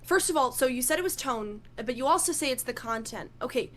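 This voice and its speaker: A woman's voice: sits high, animated, brisk. A woman in a heated debate, insistent and argumentative, often restarting her sentences. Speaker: debate guest.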